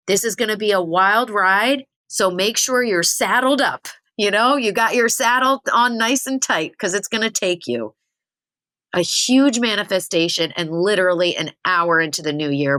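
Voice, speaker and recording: A woman podcast host and spiritual medium telling a story in a casual, chatty way, with lots of "like" and giggles. Her voice jumps up high when she gets excited. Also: measured pace. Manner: chatty, giggly, heavy use of "like".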